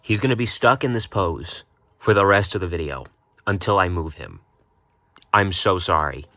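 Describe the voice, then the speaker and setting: A man's voice: low-pitched, normal speed, pushed and bright, no room sound. A young man in a casual vlog, rambling and mocking himself, swearing freely and often restarting his sentences. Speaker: plush maker and video creator.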